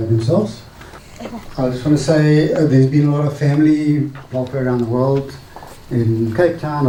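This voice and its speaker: A middle-aged man, the bride's father, giving a wedding speech with a joke and a short poem, in a relaxed storytelling way. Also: medium pitch, echoey room, slight background noise, rough recording. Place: wedding reception hall.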